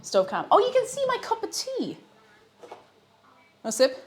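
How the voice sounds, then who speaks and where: A woman's voice: very high-pitched, huge pitch swings, measured pace, soft background music. A young Irish woman live-streaming as she cooks in her kitchen at home, chatty and giggly, reading her chat aloud. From Ireland. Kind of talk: casual live-stream chat while cooking.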